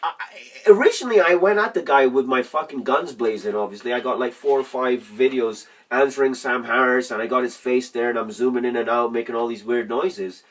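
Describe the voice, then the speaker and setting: Husky, profane man talking off-mic. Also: medium pitch, a little fast, hardly any pauses, fairly bright tone. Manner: profane, rambling, laughs mid-sentence. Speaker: religious vlogger. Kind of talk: casual monologue. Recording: distant from the mic.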